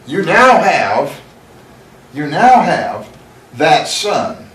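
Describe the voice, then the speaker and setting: A man teaching a Bible lesson at a deliberate, unhurried pace. His voice sits a little high for a man, and he lingers on scripture before slipping into casual asides. He is recorded from a distance in an echoey room, with faint noise underneath. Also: big pitch swings, a bit bright. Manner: slow, emphatic reading with conversational asides. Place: church room.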